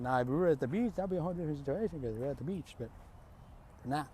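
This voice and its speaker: A man's voice: on the high side, animated, racing, warm tone, slight background noise. A young man casually improvising a fan story, rambling, slangy, and correcting himself as he goes.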